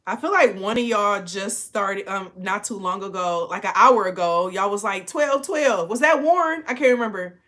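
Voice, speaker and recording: A woman's voice: medium pitch, moderate pace, hardly any pauses, fairly bright tone. Sleepy, chatty, laughing spiritual woman. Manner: chatty, profane, laughs a lot, calls listeners y'all. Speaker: spiritual channel host. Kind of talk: casual late-night channeled message.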